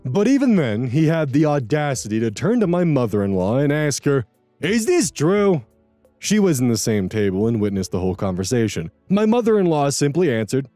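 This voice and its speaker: A man narrating online stories with a lively, swinging pitch and wry asides of his own. His voice is dry and close to the mic. Faint background music plays under him. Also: dry recording. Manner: animated, expressive reading with wry asides. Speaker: story narrator and commentator. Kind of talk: reading online stories aloud with commentary.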